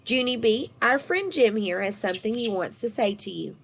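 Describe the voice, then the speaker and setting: A woman's voice: on the high side, animated, gravelly, slight background noise. A woman voicing a stern, firm middle-aged male school principal in a storybook reading. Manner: firm, measured.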